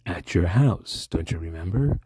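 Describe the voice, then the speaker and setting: An eerie, menacing older mystery man, as a man puts him on, speaking slowly and softly, almost in a whisper. The voice is low and husky, with a dark, mellow tone. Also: lively intonation, dry recording, studio quality, full character voice. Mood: menacing, hushed. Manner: slow, hushed, drawn-out delivery.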